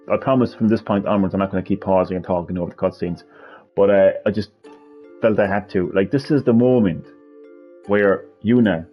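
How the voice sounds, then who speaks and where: A man in his thirties chatting casually over gameplay as a let's-play host, rambling and laughing easily. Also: low-pitched. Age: 30s. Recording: dull lo-fi sound with game music.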